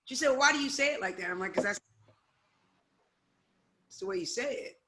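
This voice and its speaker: A woman in a group discussion telling lively anecdotes from her work with school kids. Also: fairly high pitch, fairly quick. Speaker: participant who works with school kids. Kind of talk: casual storytelling in a discussion.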